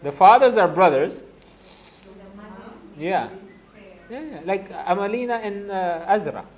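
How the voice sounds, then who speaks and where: Animated man telling classroom stories. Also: sits high, a little slow. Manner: anecdotal, animated, laughing asides. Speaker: religious teacher. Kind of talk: casual classroom lecture.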